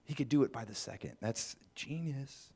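A man's voice: mid-range voice, normal speed, vocal fry, dark tone, breathy edge. A man preaching a conversational sermon, musing aloud with asides to the congregation. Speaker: pastor.

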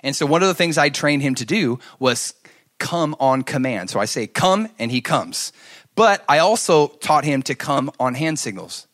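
A middle-aged man preaching a sermon, telling stories and swinging from loud to hushed. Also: mid-range voice, lively intonation, normal speed. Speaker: pastor.

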